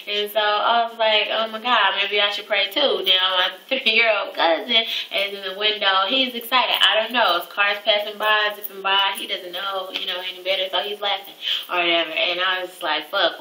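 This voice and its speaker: A young woman vlogger chats through family stories, laughing and swearing often. Her voice sits low yet rings very bright and sharp. She sounds set back from the mic, in a room with plenty of echo. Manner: chatty, laughing, frequent fillers and cursing. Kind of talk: casual storytelling. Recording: echoey room, far from the mic.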